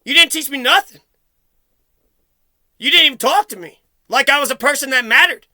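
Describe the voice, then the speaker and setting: High bright man in an angry rant. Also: moderate pace, no echo. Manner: accusatory, swearing, repeating himself. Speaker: vlogger confronting his mother.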